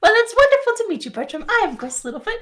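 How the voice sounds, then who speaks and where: A woman's voice: very high voice, sing-song, normal speed, fairly bright tone, pitched above the performer's own voice, exaggerated voice. A woman voicing an earnest young female adventurer who is overly polite. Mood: eager.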